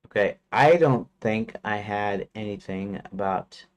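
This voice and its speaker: A man with a lowish voice talks through his game story on a livestream. He thinks aloud and hesitates, with many fillers and restarts. He stops often to question his own notes. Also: a little slow. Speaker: game developer streamer.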